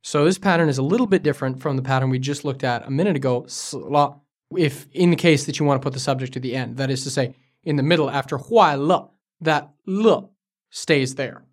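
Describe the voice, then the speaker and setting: A man's voice: mid-range voice, brisk. A man co-hosting a language lesson podcast, speaking as a curious learner who asks for examples, recorded in a studio. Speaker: co-host. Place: studio in Beijing.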